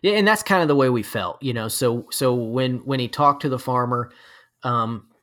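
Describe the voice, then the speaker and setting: A man's voice: medium pitch, normal speed, a bit bright. A man who is a podcast guest, telling a long hunting story in a casual, rambling way with lots of fillers. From Florida.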